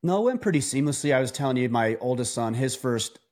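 A man, a podcast guest, telling stories in a casual conversational way, animated, with frequent restarts and fillers. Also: medium pitch, fast talker.

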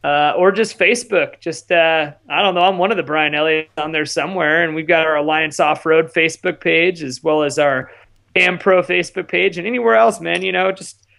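A man's voice: fairly high pitch, brisk, gravelly, pushed and bright. A man chatting as a guest on a casual podcast, laid-back and easygoing. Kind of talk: casual chat.

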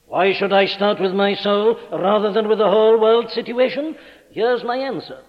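A man preaching a sermon in a church, speaking emphatically and building to forceful declarations. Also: high-pitched, steady tone, moderate pace. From Wales. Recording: dull archival recording in a large reverberant church.

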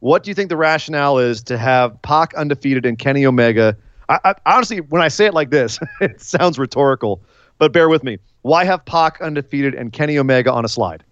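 A man co-hosting a podcast in casual chat, joking and animated, with quick asides. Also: mid-range voice, clean tone, no room sound, highs cut off. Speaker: podcast co-host.

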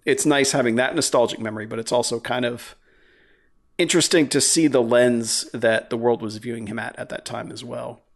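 A man's voice: medium pitch, creaky. A man in casual podcast chat, rambling with many fillers and frequent swearing.

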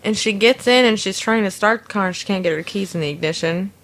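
A woman's voice: mid-range voice, fast. A woman casually telling a funny story about something that happened at work, acting out the people in it and laughing often. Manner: animated, acts out quoted voices, laughs often. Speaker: storyteller recounting a work incident. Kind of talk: casual anecdote.

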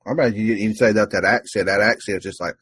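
Husky man in joking podcast banter. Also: fairly low pitch, fairly even intonation, quick pace, a bit bright, no echo, clean studio sound. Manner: joking, swearing. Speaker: podcast co-host. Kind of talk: casual chat.

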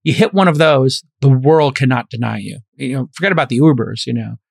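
A man's voice: mid-range voice, a little fast, gravelly, breathy edge, dry recording, studio quality. A man in his fifties, an investor hosting a podcast, talking in a casual, emphatic and preachy way. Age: 50s. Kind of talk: casual chat.

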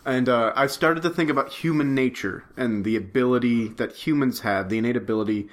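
A man's voice: medium pitch, a little fast. A man co-hosting a podcast in casual chat, joking and rambling with his friend. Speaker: podcast co-host.

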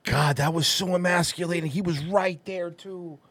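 A man co-hosting a podcast, bantering crudely and quickly and laughing often. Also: high-pitched, steady tone, fairly bright tone, dry recording. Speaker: podcast co-host.

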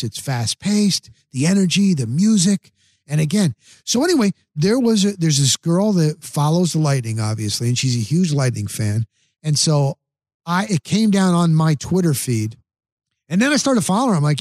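A man hosting a podcast, telling rambling stories in casual chat and acting out what others said with sudden high-pitched voices. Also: darkish tone, dry recording, studio quality. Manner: rambling storyteller, acts out quotes with big pitch jumps. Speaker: podcast host. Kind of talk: casual monologue.

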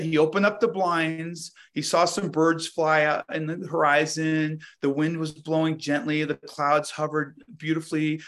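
A man's voice: on the high side, fairly bright tone. Reflective man telling stories. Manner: reflective storyteller, many restarts. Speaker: guest, inventor. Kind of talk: casual interview conversation.

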